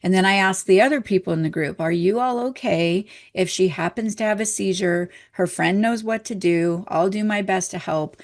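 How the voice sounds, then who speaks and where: A middle-aged woman telling a story from her work as a hypnotherapist and spiritual teacher, with soft laughs between her words. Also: mid-range voice, moderate pace, few pauses. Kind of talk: storytelling lesson.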